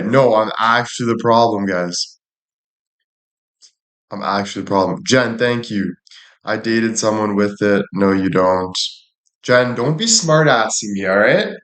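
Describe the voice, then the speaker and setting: Guy streaming live, kinda low voice, cursing and joking, lots of room echo. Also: a bit bright. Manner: joking, swears freely, thanks viewers by name. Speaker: livestreamer. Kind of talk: casual livestream chat. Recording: echoey room.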